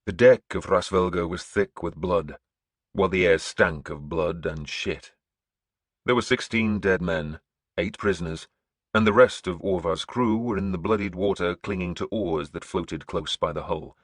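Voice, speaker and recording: Deep husky male audiobook narrator. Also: normal speed, no room sound, clean studio sound.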